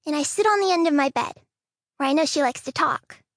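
A woman narrating a novel in the first person of a young child, soft and quiet, on a close studio mic. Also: high-pitched, fairly quick, dry recording. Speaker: audiobook narrator. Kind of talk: scripted audiobook narration.

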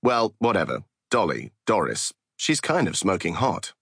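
A boastful, crude young podcast co-host with a low voice and a bouncing delivery, as a man reading the book plays him. He speaks unhurriedly, close to a dry mic. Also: wildly swooping pitch, normal speed, vocal fry, fairly bright tone, breathy edge, no echo, full character voice. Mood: brash. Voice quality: brash, boastful. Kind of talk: audiobook reading.

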